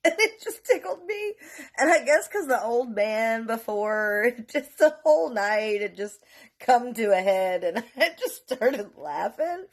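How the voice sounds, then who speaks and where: Woman, storytime vlog, animated, swears a lot, lively pitch. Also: slow pace. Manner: animated, profane, laughing. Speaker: vlogger. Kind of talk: casual storytime.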